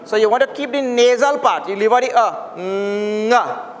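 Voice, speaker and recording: A man's voice: sits high, normal speed. A man teaching a class how to pronounce letters, saying each sound aloud for the students to repeat, patient and playful. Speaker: Sanskrit teacher. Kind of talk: classroom pronunciation lesson. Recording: long hall reverb, faint noise.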